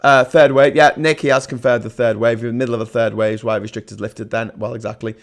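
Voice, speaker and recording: A man hosting a political livestream, reading chat messages and ranting sarcastically, swinging between loud outbursts and low muttering. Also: level tone, fast talker, creaky. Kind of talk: ranting live-stream commentary reading chat.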